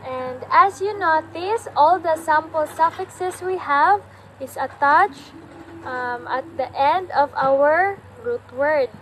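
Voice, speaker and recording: A young woman presenting a class report, explaining carefully and haltingly, with frequent pauses and fillers. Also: high voice, a bit bright, slight background noise. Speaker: student presenter.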